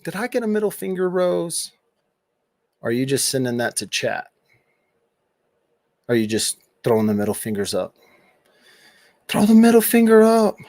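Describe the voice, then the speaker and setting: A man's voice: medium pitch, normal speed, pauses often, dry recording. Brief: middle-aged man, casual livestream host, teasing chat banter, dry close-mic sound. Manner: teasing, reads out and answers chat comments. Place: home room at a computer.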